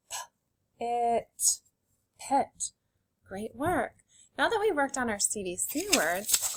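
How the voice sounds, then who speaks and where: A young adult woman teaching a phonics lesson to young children, sounding out each letter sound slowly and clearly and praising with upbeat encouragement. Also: mid-range voice, fairly bright tone, a little hiss or hum.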